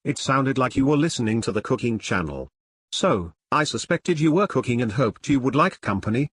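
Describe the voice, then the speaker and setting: A man's voice: mid-range voice, sing-song, normal speed, fairly bright tone, breathy edge, no echo, studio quality. A man voicing a sweet, friendly young Irish woman in an audiobook, chatty and forward.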